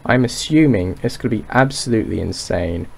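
A gaming YouTuber with a lowish voice and some vocal fry rambles through Minecraft let's play commentary, speaking a little fast and animatedly. He thinks aloud and mocks himself casually, his throat sounding dry.

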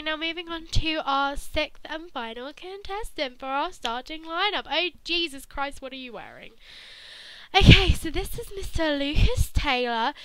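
A woman's voice: sits high, sharp tone, dry recording, rough recording. A young woman commentating on a life-sim game in a sarcastic, playful, mock-blunt way. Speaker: gaming channel host.

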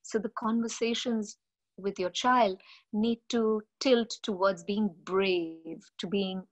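A middle-aged woman, a mindfulness coach giving an animated, expressive webinar talk on parenting. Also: mid-range voice, slow. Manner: expressive, animated storytelling with acted-out quotes.

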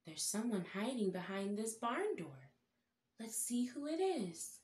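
A woman teacher reading a picture book aloud to toddlers, talking slowly in an exaggerated sing-song way. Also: on the high side, sing-song, a little mellow, roomy sound. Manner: sing-song, slow and exaggerated for small children. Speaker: preschool storytime teacher. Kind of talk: interactive read-aloud for toddlers.

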